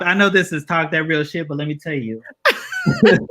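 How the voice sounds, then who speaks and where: A man's voice: a little high, huge pitch swings, normal speed, fairly bright tone, a little hiss or hum. A man co-hosting a casual panel, telling stories in a loose, profane, laughing way. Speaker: co-host.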